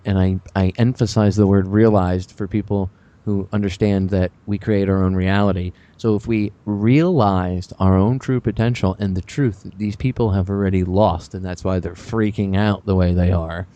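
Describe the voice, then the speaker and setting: A man hosting a radio talk show, rambling with sarcastic, animated asides. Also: low-pitched, moderate pace, highs cut off.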